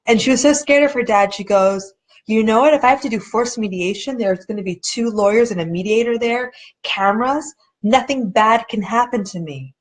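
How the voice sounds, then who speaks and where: Earnest, chatty woman, slightly high voice. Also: normal speed. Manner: earnest, conversational, acts out quoted people with shifting pitch; restarts and searches for words. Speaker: documentary director hosting a live chat. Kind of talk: casual live video chat.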